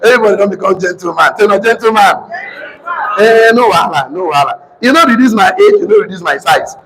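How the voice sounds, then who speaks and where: A man with a Nigerian accent giving an animated teaching talk, repeating points and slipping into pidgin. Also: high-pitched, quick pace, big-room sound, a crowd in the background, poor audio. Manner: animated, repetitive, mixes in pidgin. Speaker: motivational speaker.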